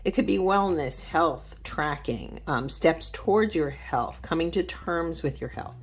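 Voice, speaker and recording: A woman's voice: low voice, animated, measured pace, slightly rough. A woman hosting a journaling channel, talking in a chatty, rambling way with lots of asides and fillers while she decorates a journal at her craft desk. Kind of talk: casual craft vlog chat.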